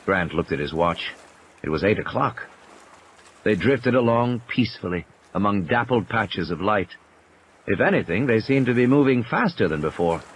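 A man narrating an audiobook in a measured, expressive way. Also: lowish voice, a little hiss or hum.

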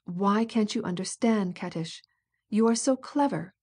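A woman's voice: mid-range voice, a little slow, a little mellow, slightly rough. A woman voicing an impatient, scheming prince who coaxes and insists by turns. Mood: impatient, coaxing.

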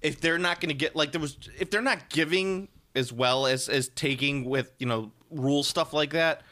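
A man's voice: a little high, normal speed, pushed and bright. A man co-hosting a gaming podcast in casual chat, laughing often, swearing and mimicking people. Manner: laughing, profane, mimics people in exaggerated voices. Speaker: podcast co-host.

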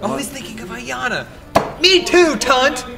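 A man hosting a casual let's-play, cracking sarcastic, deadpan jokes as he plays. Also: very high voice, unhurried, vocal fry, music in the background, crowd noise. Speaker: gaming show host.

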